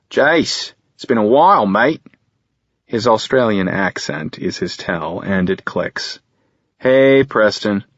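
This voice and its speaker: Low-voiced guy reading an audiobook in first person, kinda brooding, flat dry sound. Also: dry recording, highs cut off. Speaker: audiobook narrator.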